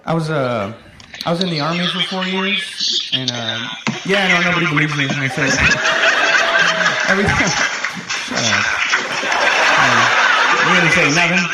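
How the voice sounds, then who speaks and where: A man doing a stand-up comedy set, telling animated stories and shouting out impressions. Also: on the high side, normal speed. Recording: noisy roomy club recording.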